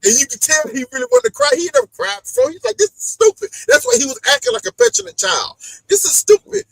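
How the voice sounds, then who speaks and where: A man with a strikingly high voice that leaps all over the place as he recaps a dating show. His tone is gravelly with a husky edge. The sound is dry and close, and he plays out each person he describes. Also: fast, dry recording, rough recording. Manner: animated, acts out the people he talks about. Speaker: podcast host. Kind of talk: casual reality-show recap chat.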